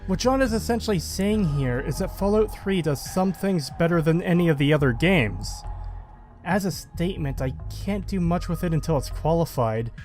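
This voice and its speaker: A man giving a measured, analytical scripted narration. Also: a little high, expressive, darkish tone, soft background music.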